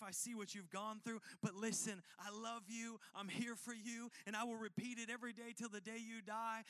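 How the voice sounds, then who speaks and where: A man's voice: high-pitched, a bit bright, dry recording. A man preaching a sermon as pastor, earnest and repetitive, acting out quoted voices.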